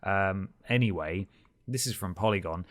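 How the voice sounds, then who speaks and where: A man's voice: low-pitched, moderate pace, no echo, clean studio sound. A man co-hosting a podcast, reading gaming headlines with wry, jokey asides. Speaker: podcast co-host. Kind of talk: casual podcast news chat.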